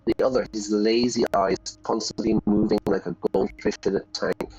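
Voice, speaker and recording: A man's voice: lowish voice, steady tone, normal speed, a little mellow, slightly rough, poor audio. A man streaming a video game, reading lines aloud and chatting as an English teacher explaining words to learners.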